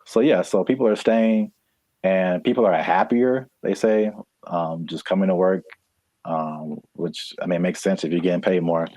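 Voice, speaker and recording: A man's voice: deep voice, steady tone, moderate pace, mellow, no echo. A man co-hosting a podcast in casual chat, loose and joking with plenty of fillers. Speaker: podcast co-host.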